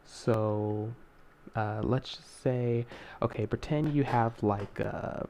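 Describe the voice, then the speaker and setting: Young male tutorial host, mellow tone, chatty and self-correcting, faint background noise. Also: mid-range voice, takes it slowly, gravelly. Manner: rambling, self-correcting, many fillers. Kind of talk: casual screen-recorded tutorial.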